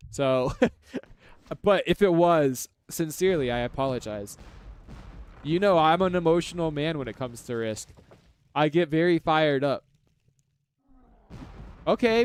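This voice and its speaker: A man's voice: fairly high pitch, animated, unhurried, long pauses, clear, resonant tone. A man giving casual live commentary on a strategy game, chatty and analytical, with lots of filler words. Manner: chatty and analytical, heavy use of "like".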